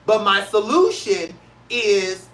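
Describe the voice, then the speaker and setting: A show host from St. Louis rants in a casual, blunt way, hammering his points with repetition. His voice is bright and forward, his delivery emphatic and profane. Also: high-pitched, sing-song, slow. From St. Louis, Missouri, USA. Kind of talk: casual solo talk-show rant.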